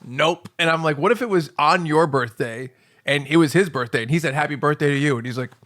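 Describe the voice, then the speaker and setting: A man co-hosting a comedy podcast, telling a story in a casual, animated way and dropping into hushed asides for quoted lines. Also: a little high, quick pace. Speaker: podcast co-host.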